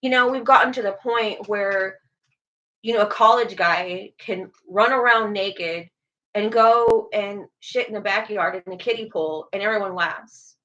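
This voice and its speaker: A woman's voice: mid-range voice, unhurried, bright, forceful tone, lo-fi sound. A woman co-hosting a casual religious talk show, chatting and telling stories with acted-out quotes. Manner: chatty storyteller, acts out quoted voices. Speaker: co-host.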